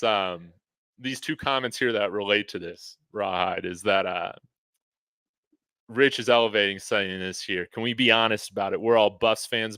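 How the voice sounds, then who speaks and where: A man with a low, bright, clear voice hosts a casual sports podcast, heard close up in a dry space. He stays laid-back and chuckles often, and he leans on easy fillers as he talks. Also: no room sound. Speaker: podcast host.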